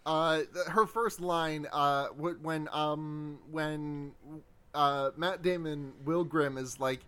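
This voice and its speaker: A man's voice: a little high, steady tone, slow pace, bright, forceful tone, clear, resonant tone. A man co-hosting a casual movie chat, rambling with many restarts and laughing often. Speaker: podcast co-host.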